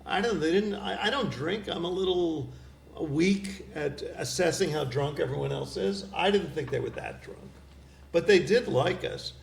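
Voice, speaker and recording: A middle-aged man, a poet guest, chatting casually in a wry, rambling way with a gravelly voice. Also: on the high side, animated, normal speed. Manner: wry, rambling storyteller with laughs. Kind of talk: casual chat. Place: community cable studio. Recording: roomy studio with faint hiss.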